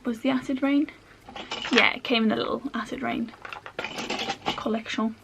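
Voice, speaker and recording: Woman, makeup vlogger, chatty and self-mocking, fry in the voice, slightly high. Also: fairly even intonation, normal speed, background noise. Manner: rambling, self-mocking asides while working. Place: at home.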